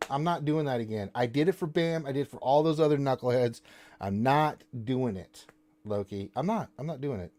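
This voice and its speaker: A man's voice: mid-range voice, fairly quick, a little mellow. A man hosts a casual live stream and talks straight into a desk mic. He answers questions from chat and ribs his viewers and co-host with playful, mock-offended banter.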